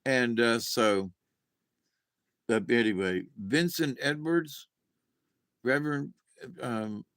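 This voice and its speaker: A man muses in an unhurried, drawn-out way, as if thinking aloud to his viewers. He keeps losing track of what he meant to say, laughs to himself, and drops casual curses. The voice sits close and dry, with no room sound around it. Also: mid-range voice, a bit bright, no room sound. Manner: loses his train of thought, chuckles, swears offhandedly. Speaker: vlogger. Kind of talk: rambling casual monologue.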